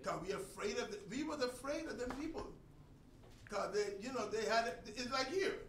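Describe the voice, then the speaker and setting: A man delivers a sermon with a high, bright voice, pressing points hard and then dropping low. He sounds far from the mic in a roomy, echoing space. Faint background noise hangs under him. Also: lively intonation, moderate pace. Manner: emphatic, swings between loud and soft. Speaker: congregation teacher. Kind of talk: sermon teaching. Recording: echoey room, distant mic, faint noise.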